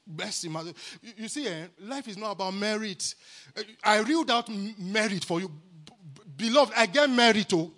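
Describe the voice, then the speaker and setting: A man with a Nigerian accent preaching a sermon at a church camp meeting, exuberant and calling for responses, at times rising to shouts. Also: high-pitched, moderate pace. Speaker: guest preacher.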